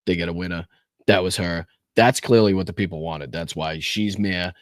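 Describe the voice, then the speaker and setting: A man's voice: deep voice, steady tone, normal speed, no echo, clean studio sound. A man with a Boston accent hosting a live stream and reacting to news clips, sarcastic, blunt and profane. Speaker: live-stream commentary host.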